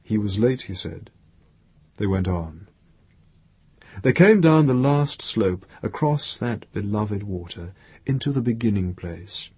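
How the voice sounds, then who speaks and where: Slow, husky male audiobook narrator. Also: on the low side, lively intonation, a little mellow, no room sound. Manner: slow, measured reading. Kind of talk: scripted narration.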